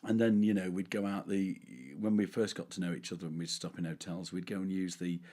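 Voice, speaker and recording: A middle-aged man, chatting casually on a podcast. His voice sits low, and he tells his stories in a loose, rambling way. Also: level tone, a little fast, mellow. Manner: chatty storyteller who acts out fans in put-on voices. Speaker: podcast co-host, tribute singer. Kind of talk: casual chat.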